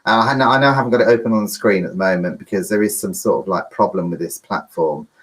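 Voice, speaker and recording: A man's voice: on the low side, fast talker, low-quality recording. Male quiz host, rambling and chatty, easily flustered. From United Kingdom. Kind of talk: live-streamed pub quiz hosting.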